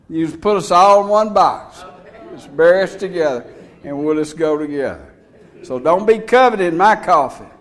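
Slow, high-voiced folksy preacher man. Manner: folksy, emphatic preaching with scripture readings. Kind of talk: sermon.

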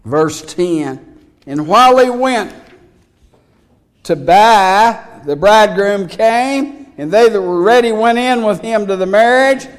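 A man's voice: high-pitched, lively intonation, takes it slowly. A man preaching a folksy, emphatic sermon, reading scripture aloud between his points.

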